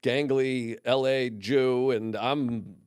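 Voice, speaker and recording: A man's voice: medium pitch, steady tone, slow, darkish tone, clear, resonant tone, no room sound, studio quality. A man from Boston, a comedian guest on a podcast, telling rambling stories in casual chat and swearing freely.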